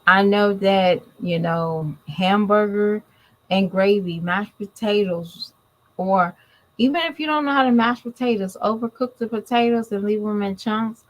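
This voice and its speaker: A woman in her thirties talks with a drawl in a casual commentary vlog. She speaks plainly and bluntly to her viewers and scolds them without softening it. Her voice sits at an ordinary middle pitch. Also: a little slow, low-quality recording. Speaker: commentary vlogger.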